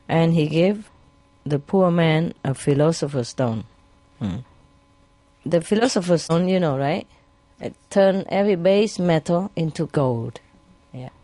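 A woman's voice: low-pitched, dark tone, no room sound. A woman spiritual teacher giving a lecture with parables to an audience, laughing often and teasing listeners with questions.

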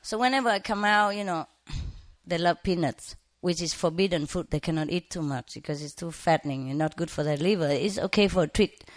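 A woman's voice: fairly low pitch, brisk, no echo, clean studio sound. A woman chatting casually about her pet birds and dog, laughing often and acting out her pets. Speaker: bird owner. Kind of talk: casual storytelling.

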